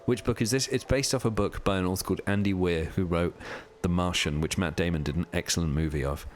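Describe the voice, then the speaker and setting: A man's voice: deep voice, quick pace, a little hiss or hum. A man live streaming a video game, chatting casually and rambling as he answers viewers' questions while he plays. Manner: chatty, reads and answers chat while playing; rambling, many fillers.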